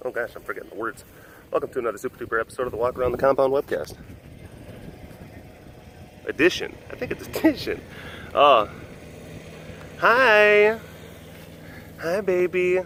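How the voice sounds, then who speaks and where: Hosting a casual walk-and-talk webcast from a sanctuary's big cat compound, a man speaks at medium pitch with a slightly bright tone. A faint hiss or hum sits under the audio as he chats and showers the cats with affectionate baby talk.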